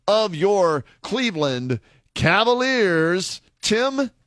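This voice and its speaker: A man's voice: high voice, big pitch swings, drawn-out words, fairly bright tone, no room sound. A man hosting a sports talk radio show in the studio, joking and fumbling for names.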